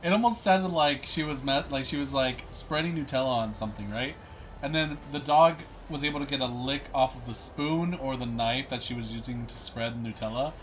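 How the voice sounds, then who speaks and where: A man's voice: mid-range voice, a little hiss or hum. Amused man reacting in casual chat. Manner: amused, quick to laugh and react.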